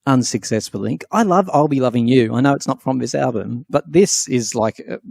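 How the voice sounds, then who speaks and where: A man's voice: medium pitch, brisk, vocal fry, a little mellow, husky. A man hosting a podcast, chatting casually and teasing his co-hosts in a playful way. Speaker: podcast host. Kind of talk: casual chat.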